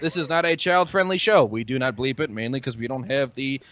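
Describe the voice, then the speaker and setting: A man's voice: mid-range voice, a little fast, fairly bright tone, dry recording, dull audio. A man co-hosting a casual podcast, joking and rambling with frequent swearing. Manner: jokey, rambling, swears freely. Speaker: podcast co-host. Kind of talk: casual chat.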